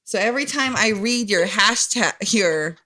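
A woman's voice: mid-range voice, lively intonation, a little slow, bright, forceful tone. A woman with a nasal voice hosting a podcast in casual chat, talking earnestly and encouragingly, with many ums and restarts. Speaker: podcast host.

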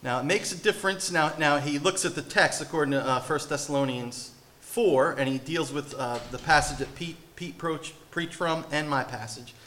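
A man delivers a sermon, asking rhetorical questions and pressing his points with emphasis. His voice is slightly high for a man and strikingly bright and forceful. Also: moderate pace, hardly any pauses. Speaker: pastor.

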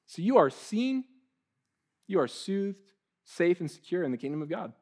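A young man preaching a sermon in a lively, conversational way, often restarting his sentences. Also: sits high, moderate pace, long pauses. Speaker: pastor.

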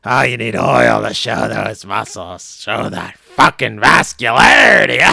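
A man's voice: mid-range voice, very animated, slow, gravelly, slightly rough, no echo, exaggerated voice. Man doing a bellowing, brash wrestling boss. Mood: bellowing, hyped. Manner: shouting, hyped-up bellowing. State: hoarse.

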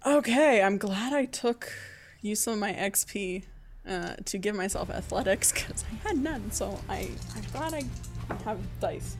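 A woman's voice: medium pitch, animated, a little slow, faint music behind. A woman playing a tabletop game, chatty and hesitant, with many likes and ums. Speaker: player. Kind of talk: casual tabletop play.

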